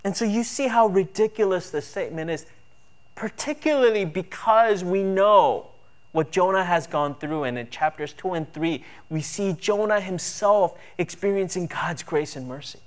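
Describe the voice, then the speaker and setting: A man's voice: high voice, lively intonation, moderate pace. A man preaching a sermon earnestly, with emphatic build-ups on key points. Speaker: pastor.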